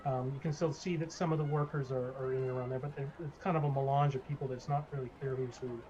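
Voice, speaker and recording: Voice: medium pitch, fairly even intonation, fast, mellow, lo-fi sound, a little hiss or hum. Hesitant tabletop game master. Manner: hesitant, many ums and restarts. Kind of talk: narrating a live-streamed tabletop game.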